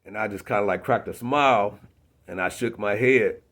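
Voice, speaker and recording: A man's voice: lowish voice, moderate pace, fairly bright tone. A young man, a rapper, telling a casual story in street slang, often asking "you know what I'm saying". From South Bend, Indiana.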